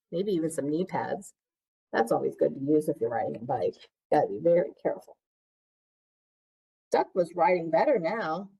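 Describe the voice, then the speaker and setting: Librarian lady doing storytime, reads a picture book and keeps asking the kids stuff, lively voice, a bit husky. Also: on the low side, rough recording. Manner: interactive, asks children questions. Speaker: children's librarian. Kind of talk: picture-book read-aloud.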